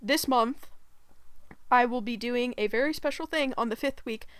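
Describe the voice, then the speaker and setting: A woman with a fairly high, smooth voice tells a story for her gaming channel. She rambles along with plenty of "like" and "um" and keeps breaking into giggles. The sound is dry and close. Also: normal speed, a bit bright, no echo. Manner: giggly, rambling, many fillers. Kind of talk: casual storytime vlog.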